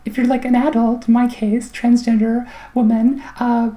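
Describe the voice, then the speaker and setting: A middle-aged woman chats through a personal update in a fairly high, mellow voice. She rambles with plenty of ums and likes and drops dry, wry remarks, while a clogged throat makes her pause to clear it again and again. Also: flat delivery. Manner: chatty, rambling, wry, many fillers. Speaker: vlogger.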